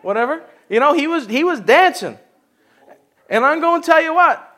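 A man preaching a sermon, animated and joking, with folksy asides and laughter. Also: very high voice, normal speed. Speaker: pastor.

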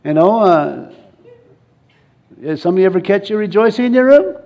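A male pastor preaching a sermon in a church, lively and coaxing the congregation to answer back and join in. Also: high voice, a little fast.

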